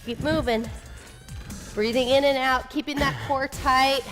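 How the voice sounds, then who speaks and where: A woman's voice: sits high, steady tone, a little slow, a bit bright. A woman leading a follow-along workout, coaching with upbeat encouragement while getting out of breath. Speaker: fitness instructor. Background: workout music.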